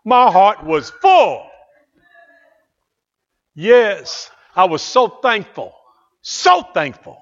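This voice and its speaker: Fervent preaching man, lo-fi sound. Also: mid-range voice. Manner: fervent preaching, swinging from hushed asides to loud exclamations. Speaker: pastor. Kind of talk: sermon.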